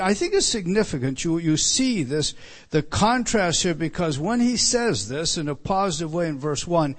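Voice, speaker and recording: Man teaching a Bible passage, higher-pitched. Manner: repeats words when starting a sentence; lifts and stresses quoted verses.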